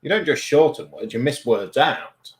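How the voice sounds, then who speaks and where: A man's voice: mid-range voice, animated, moderate pace. A man from Lincolnshire with an East Midlands accent, bantering and joking as a livestream co-host. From Lincolnshire, England. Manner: jokey, teasing banter. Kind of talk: casual livestream chat.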